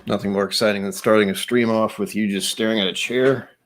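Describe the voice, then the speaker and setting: A fast-talking American man with a lowish voice and fairly even intonation hosts a casual whisky-tasting stream from home. Seated at a desk with glasses, he rambles, mutters to himself and runs himself down while setting up, with slight background noise.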